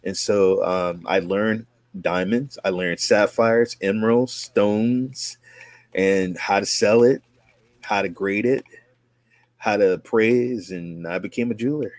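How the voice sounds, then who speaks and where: A low-voiced man speaks slowly, no echo in the recording. Guesting as a content creator, this forties-aged Oaklander from California rambles casually through his life story, restarting a lot and dramatizing quotes.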